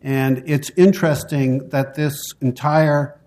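A man giving formal public testimony at a city council hearing, speaking in a measured, deliberate way and pausing between phrases. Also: fairly high pitch, fairly even intonation, a little mellow.

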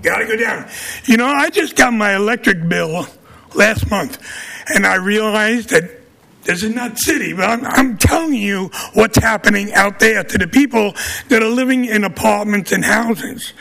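A man's voice: sits high, moderate pace, vocal fry, pushed and bright. A man with a Brooklyn accent giving blunt, combative public testimony at a city council meeting.

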